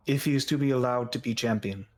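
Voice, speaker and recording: A man's voice: medium pitch, fast talker, darkish tone, lightly acted. A man voicing a solemn, stiff and fatherly male god lord who speaks in a formal, stilted way.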